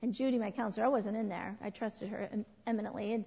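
A middle-aged woman leading a church parenting class. She talks in an animated way, asks the group questions and acts out what people said. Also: mid-range voice, fast talker, vocal fry, husky. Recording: dull lo-fi sound with long hall reverb.

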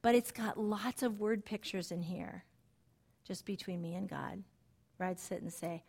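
A middle-aged woman teaching a Bible study in a conversational way, telling personal stories that move from soft and low to excited and emphatic. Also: unhurried, gravelly, breathy edge.

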